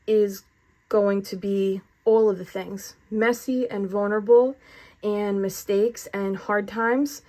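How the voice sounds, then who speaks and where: A woman talks through a tarot reading in a relaxed, chatty way. She is earnest and effusive, with a spiritual warmth to how she frames things for her audience. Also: medium pitch. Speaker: tarot reader. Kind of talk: casual spoken tarot reading.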